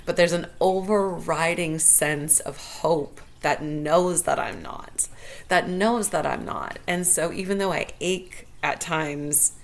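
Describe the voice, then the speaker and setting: Woman with a low voice just thinking out loud on her own show, heartfelt, sincere. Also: slow pace, gravelly. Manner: earnest, heartfelt, thinking aloud. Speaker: podcast host. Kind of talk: solo reflective monologue.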